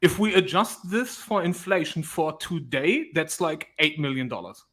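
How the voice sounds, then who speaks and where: A man with a fairly high, very animated voice talks in a casual online panel. He restarts his sentences as he goes. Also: normal speed. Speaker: panel guest. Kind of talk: casual livestream chat.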